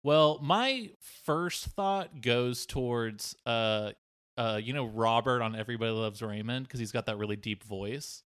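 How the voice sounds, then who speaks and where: A man's voice: unhurried, a bit bright, smooth, no echo, studio quality. Jokey rambling man improvising. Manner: rambling, jokey, mimics bass with mouth sounds. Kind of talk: improvised comedy brainstorming.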